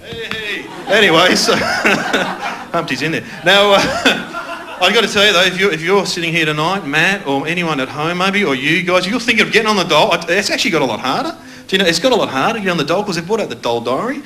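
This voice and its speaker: A man's voice: high-pitched, animated, quick pace. An Australian man from Melbourne doing a stand-up comedy set, bantering loosely with the audience and mocking himself. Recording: noisy live club recording.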